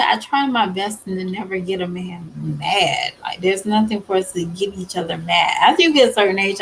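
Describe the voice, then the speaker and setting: A woman's voice: mid-range voice, a little hiss or hum, poor audio. A woman vlogger talking candidly to camera, emphatic and blunt, with many fillers and repeated firm refusals.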